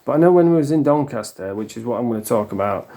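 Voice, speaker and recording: A man's voice: medium pitch, lively intonation, fast, warm tone. A man, ranting bluntly in a casual monologue and swearing freely. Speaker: vlogger.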